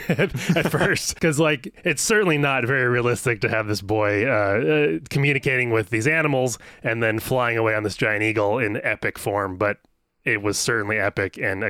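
Bright-voiced man hosting a film podcast. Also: on the low side, fairly quick, no echo, studio quality. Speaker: podcast host. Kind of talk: casual film discussion.

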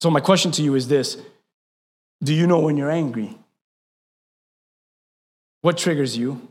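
High-voiced pastor preaching in a hall. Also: male voice, unhurried. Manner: animated preaching, swings from loud emphatic to hushed. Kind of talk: sermon.

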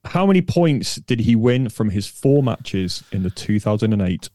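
A man's voice: lowish voice, very animated, moderate pace, warm tone, no room sound. A man co-hosting a podcast and running a quiz, with dry humour and hesitant restarts. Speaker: podcast co-host, quizmaster. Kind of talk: casual chat, running a quiz.

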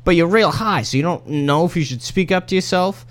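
A man running a comedic tabletop role-play as game master, telling the scene in a casual, profane, animated way. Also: high voice, brisk.

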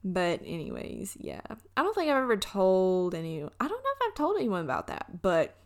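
A young Alabama woman with a Southern accent hosts a casual solo podcast, her medium-pitched, creaky voice swooping wildly as she moves at a moderate pace. She rambles chattily through a story, trailing off and starting over again and again.

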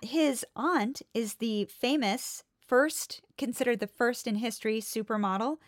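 A woman's voice: fairly high pitch, a little slow, no room sound. American lady chatting on a podcast, listing stuff off, dry close sound. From United States. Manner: chatty, laughing, piles up details. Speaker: podcast co-host. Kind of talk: casual chat.

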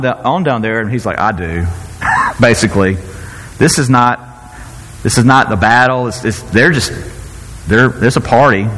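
A pastor preaching a conversational sermon, acting out quotes and often chuckling. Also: male voice, mid-range voice, a bit bright, big-room sound.

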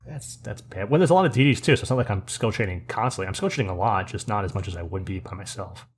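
A man's voice: lowish voice, rapid-fire, breathy edge. A man co-hosting a casual gaming podcast, telling stories with a joking, teasing manner. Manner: jokey storyteller, acts out quotes. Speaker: podcast co-host. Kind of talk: casual podcast chat about an online game.

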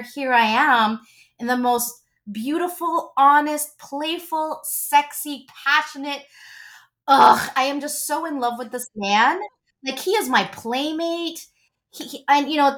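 A relationship coach in her forties speaks with a fairly high pitch. She's a guest in a relaxed interview, sharing stories with gushing, lively enthusiasm.

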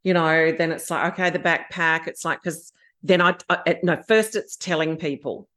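Animated Australian woman in her fifties. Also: low-pitched, moderate pace. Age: 50s. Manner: animated, acts out her own inner voices. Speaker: podcast guest. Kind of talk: candid conversational storytelling.

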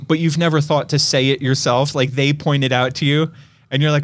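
Guy on a movie podcast, kinda high voice, rambles and restarts a lot. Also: steady tone, a little fast. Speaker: podcast co-host. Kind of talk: casual chat.

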